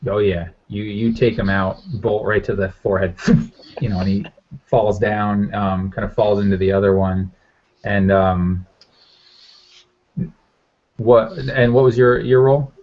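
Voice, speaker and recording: A man's voice: fairly low pitch, fairly even intonation, unhurried, long pauses. A man narrating as game master in a loose, rambling way with lots of fillers. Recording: muffled lo-fi audio.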